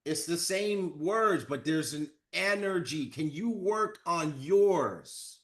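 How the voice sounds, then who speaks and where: Male motivational trainer, energetic coaching delivery, slightly high pitch. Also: takes it slowly. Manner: energetic, coaching, acts out phone calls. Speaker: network marketing trainer. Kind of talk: motivational talk.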